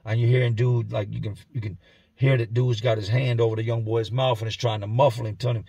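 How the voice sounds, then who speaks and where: A man telling a grim first-person story in a somber, intense way, often dropping to a hush, recorded indoors at home. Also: mid-range voice, steady tone, brisk, vocal fry, husky, no room sound. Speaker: storyteller and channel host.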